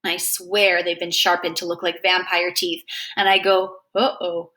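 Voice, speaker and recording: A woman reading a novel aloud, telling a first-person story in a lively, expressive way. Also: lowish voice, moderate pace. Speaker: reader.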